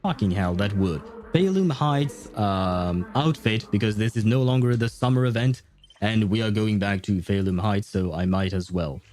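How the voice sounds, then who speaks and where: A man's voice: fairly low pitch, normal speed, a little mellow, soft background music. Chatty French man streaming a game. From France. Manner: rambling, chatty, laughs often, stumbles and restarts words. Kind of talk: casual live-stream chat.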